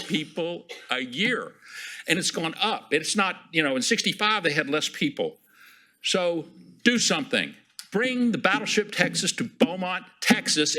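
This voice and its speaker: A man giving an animated, pushy public comment at a city council meeting. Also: on the high side.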